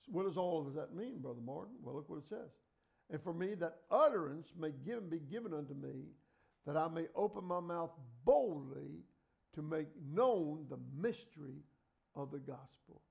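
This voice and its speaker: A middle-aged male preacher, delivering a fervent sermon that swings between loud exhortation and quiet storytelling. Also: a little high, animated, moderate pace, creaky, lo-fi sound. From United States.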